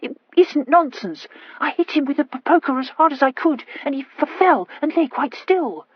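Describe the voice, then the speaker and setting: A woman voicing a flustered, impatient young Regency lady who stammers in high-strung urgency. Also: expressive, normal speed, no room sound, muffled recording.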